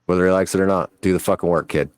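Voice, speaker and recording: A very deep-voiced man in casual podcast talk, blunt and profane. The sound is dry and close with no room echo. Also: steady tone, very fast. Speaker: podcast co-host. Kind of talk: casual chat.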